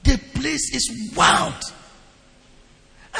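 A man preaching a sermon as a pastor, telling stories to his congregation with lively, exclamation-filled delivery in a church hall. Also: high-pitched, normal speed, creaky, slight background noise. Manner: animated storytelling preaching with repeated exclamations. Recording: long reverb of a large hall.

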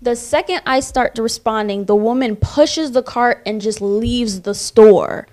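A woman's voice: a little high, a little slow, a little mellow. A woman in a casual discussion, telling her story with animation and acting out the voices of the people in it.

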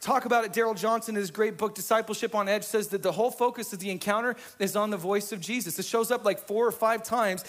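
A male pastor preaching an energetic, conversational sermon, often checking in with the congregation. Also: high voice. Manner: energetic, conversational, asks the room "right?".

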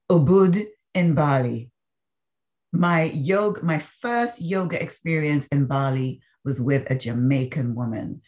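A woman from the Caribbean, a podcast guest telling stories in an animated, expressive way. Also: lowish voice. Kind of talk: storytelling in a conversational interview.

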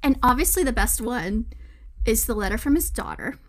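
A woman on a podcast, chatting loosely and eagerly, her voice sitting a little high. She rambles, restarts and piles on fillers as she gets going. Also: lively intonation, moderate pace. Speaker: podcast co-host. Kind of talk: casual podcast chat.

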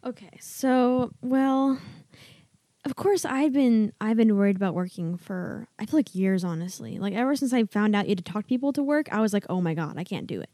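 A woman's voice: a little high, lively intonation, normal speed, dark tone, dry recording, studio quality. A young woman co-hosting a podcast, chatting casually in a giggly, rambling way. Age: young adult. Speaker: podcast co-host. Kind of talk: casual chat.

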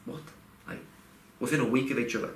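At normal speed, a young man with a mid-range, slightly bright voice recounts a personal story for a casual podcast. It comes out rambling and heartfelt, riddled with fillers and restarts, and the audio has a roomy echo and faint background noise.

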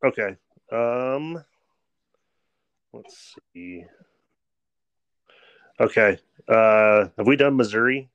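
A man's voice: mid-range voice, drawn-out words, long pauses, a bit bright, clear, resonant tone, dry recording, lo-fi sound. A man co-hosting a podcast, reading out odd facts in a laid-back, matter-of-fact way. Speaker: podcast co-host. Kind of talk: casual chat, reading out facts.

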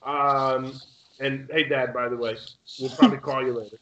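Young guy ranting thru a story on a podcast, bright voice, dull roomy audio. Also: medium pitch, moderate pace, a little hiss or hum. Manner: swearing, animated storyteller acting out other people. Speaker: podcast co-host. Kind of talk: casual storytelling chat.

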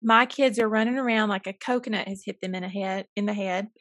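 A woman's voice: medium pitch, fairly even intonation, fast talker, fairly bright tone, no room sound. A woman with a Southern US accent, a school counselor co-hosting a podcast, telling stories in a chatty way with folksy phrases. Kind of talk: casual chat.

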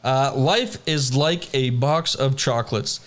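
A man's voice: medium pitch, slow. A young man co-hosting a casual chat, laid-back and rambling as he reads out trivia. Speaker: podcast co-host.

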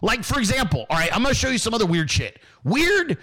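Loud swearing male political ranter. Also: high-pitched, sing-song, fast talker. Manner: loud, mocking, swears constantly. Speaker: political commentary streamer. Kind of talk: profane ranting commentary.

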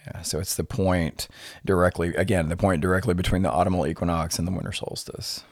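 A middle-aged man, a podcast guest, explaining things in an unhurried, lecturing way with many filler words. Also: sits low, flat delivery, dry recording, clean studio sound. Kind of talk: conversational explaining.

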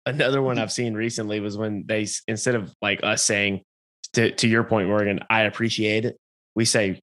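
A man's voice: fairly low pitch, steady tone, moderate pace, a bit bright. A man with a Southern US accent, chatting casually as a podcast co-host, rambling with fillers and laughing often. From American South. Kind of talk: casual chat.

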